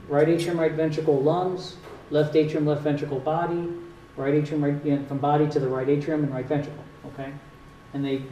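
A man's voice: on the high side, mellow. A man with a Northern US accent, a cardiologist, patiently explaining heart health to an audience with a few dry jokes. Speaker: cardiologist giving a talk. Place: community hall at a retirement home. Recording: echoey hall, distant mic, faint hiss.

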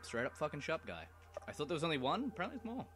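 A young man rambles through a playthrough, cursing and muttering to himself, his pitch swinging widely. Loud game music plays under his voice. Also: huge pitch swings, racing. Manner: rambling, swears a lot, mumbles asides. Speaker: let's play gamer. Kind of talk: casual gameplay commentary.

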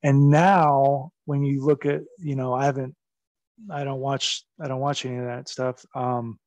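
A man's voice: mid-range voice, level tone, a little slow, darkish tone, no room sound. Rambling, profane man telling war stories. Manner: rambling, profane, full of fillers. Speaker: guest, former wrestler. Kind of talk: casual storytelling interview.

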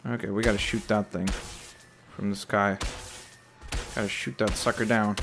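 A young man giving casual running commentary over a shooter game, animated and quick to exclaim when things go wrong. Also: on the low side, soft background music. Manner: animated, exclaims at setbacks, jokey asides. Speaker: gameplay commentator. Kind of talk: gameplay commentary.

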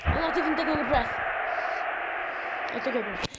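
A woman giving excited, rapid play-by-play football game commentary at home, yelling at the players. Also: sits high, very noisy. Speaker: gameplay commentator.

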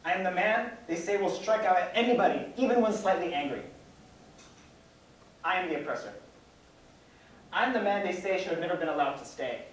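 A young man reciting a spoken word poem at a campus event, with measured, repetitive declamation. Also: high-pitched. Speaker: student performer. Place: lecture hall at a campus event. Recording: very echoey hall, distant mic, some noise.

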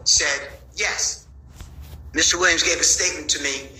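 A man's voice: high-pitched, sharp tone, reverberant, rough recording. A man arguing as a defense attorney before a judge. He is insistent and pleading, and he keeps repeating his points. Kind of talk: courtroom argument to a judge. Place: courtroom.

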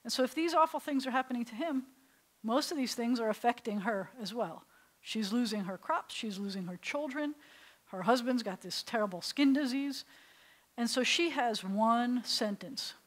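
A woman's voice: fairly high pitch, moderate pace, low-quality recording. Rabbi teaching a class, storytelling woman. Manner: storytelling, asks the class questions. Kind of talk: classroom lecture to adult learners. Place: synagogue classroom.

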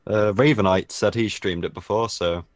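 A man co-hosting a game stream, chatting in an easygoing, halting way with lots of fillers. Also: fairly low pitch, steady tone, dry recording, clean studio sound. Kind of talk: casual gaming stream chat.

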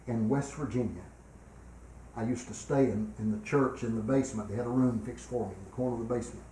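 An older man preaching a revival sermon in a church, swinging between loud, emphatic exhortation and quiet personal storytelling. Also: medium pitch, steady tone, brisk, a little hiss or hum. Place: church sanctuary. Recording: echoey church room.

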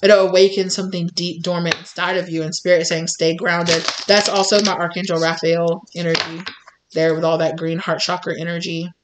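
A woman's voice: fairly low pitch, level tone, fairly quick, noisy background. A woman giving a casual spoken tarot reading to her viewers, rambling with many filler words and acting out quoted voices. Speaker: tarot reader.

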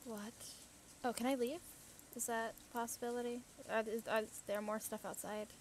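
A woman's voice: on the high side, level tone, moderate pace, slight background noise. A young woman thinking aloud as she plays a puzzle game, chatty, gasping and squealing at what happens on screen. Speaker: gamer. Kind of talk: casual let's play commentary.

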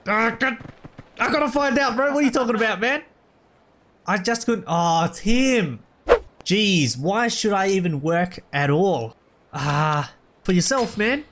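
High-voiced excitable young gamer guy. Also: measured pace, slight background noise. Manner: excitable, slangy, calls out at the game. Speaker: let's play gamer. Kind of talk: casual gameplay commentary. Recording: loud game music underneath. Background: game music.

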